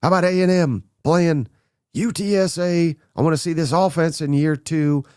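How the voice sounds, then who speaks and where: Man, podcast host, slightly high voice, blunt and excitable, close dry mic. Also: clear, resonant tone, no room sound. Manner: blunt, excitable, runs through names rapid-fire. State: a little under the weather. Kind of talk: casual sports talk monologue.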